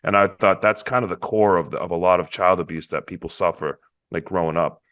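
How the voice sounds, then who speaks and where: A man's voice: sits low, fairly bright tone. A man co-hosting a horror movie podcast, talking enthusiastically about films with frequent restarts and acted-out quotes. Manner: enthusiastic, halting, repeats words. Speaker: podcast co-host. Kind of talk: casual movie review chat.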